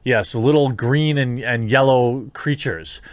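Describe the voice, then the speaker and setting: A man's voice: medium pitch, takes it slowly, background noise. A man reading news and statements aloud with his own commentary, putting odd emphasis on syllables. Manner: odd stresses, sing-song emphasis. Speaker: video commentator.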